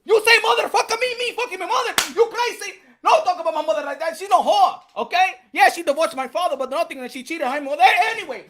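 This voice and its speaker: A man's voice: extremely high pitch, fast talker, hardly any pauses, noisy background, voice pushed up. A man putting on an outraged Mexican boxer, protesting in broken English about his mother being insulted. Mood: indignant.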